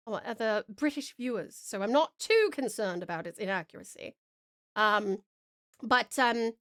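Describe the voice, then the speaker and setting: A woman's voice: mid-range voice, a bit bright, no room sound, studio quality. A woman from Australia, a streamer and voice actor, chatting casually on a livestream, full of ums and calling viewers darling.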